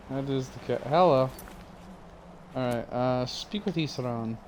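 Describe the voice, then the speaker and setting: Young male streamer, sleepy, loose rambly chat full of "uh"s, mid-pitch. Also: a little slow, pauses often, slight background noise. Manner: rambling, swearing, frequent fillers. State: yawning, tired. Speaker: game streamer. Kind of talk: casual gameplay commentary.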